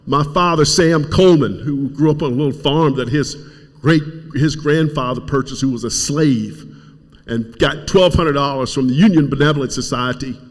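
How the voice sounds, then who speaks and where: A middle-aged Kentucky man gives an emotional speech at a community event, holding back tears as he encourages the audience. His voice is on the high side at a moderate pace, and the hall sounds reverberant.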